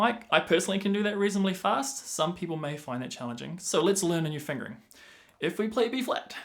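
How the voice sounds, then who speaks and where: A man teaching the clarinet, patiently explaining fingerings and counting rhythms out loud, with clarinet playing between phrases. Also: fairly high pitch, gravelly. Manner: patient, breaks rhythms down by counting and singing syllables aloud. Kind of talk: instructional explanation.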